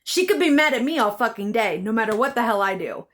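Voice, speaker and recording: A woman's voice: a little high, expressive, fast talker. Intense, swearing woman venting about her childhood. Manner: intense, bitter, heavy swearing; repeats phrases for emphasis. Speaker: vlogger. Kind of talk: emotional personal storytelling.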